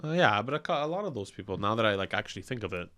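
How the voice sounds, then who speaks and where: A young man guesting on a casual podcast, tossing off quick, offhand remarks. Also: fairly low pitch, big pitch swings, a bit bright.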